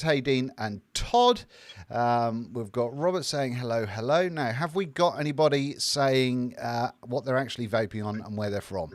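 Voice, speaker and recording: A fairly high-voiced British man from the United Kingdom hosting a live stream, reading viewer messages and joking along. He talks in a loose, chatty way with lots of ums. The sound is dry and close, with no room echo. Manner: jokey, chatty, reads viewer comments aloud with fillers. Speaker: livestream co-host reading chat. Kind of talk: casual live chat.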